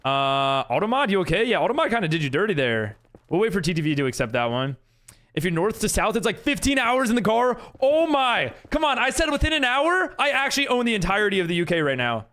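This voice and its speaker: A man's voice: high voice, very animated, fast talker, fairly bright tone. A young man streaming, chatting casually with viewers, laughing often and using lots of fillers. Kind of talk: casual live-stream chat reading viewer messages.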